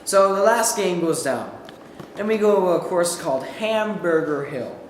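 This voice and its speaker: A young man performing a memorized comic monologue as a student, animated and acting out quotes with shouts, in a school hall with echo and faint background noise. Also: high voice, moderate pace.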